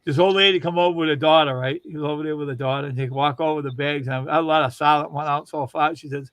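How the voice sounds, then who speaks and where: A man's voice: a little high, quick pace, hardly any pauses, a bit bright, dry recording. A man casually telling long, rambling funny stories on a livestream and laughing as he goes. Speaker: livestream host. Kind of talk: casual storytelling chat.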